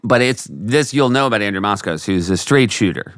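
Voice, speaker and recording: Deep-voiced man joking on a podcast. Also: animated, fairly bright tone, no room sound, clean studio sound. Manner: joking, rambling, quick asides. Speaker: podcast co-host. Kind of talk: casual chat.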